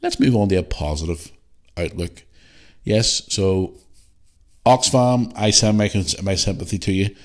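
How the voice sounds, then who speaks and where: On his podcast, a Northern Irish host launches into a lively, blunt rant with plenty of swearing. His voice is on the low side and his delivery unhurried.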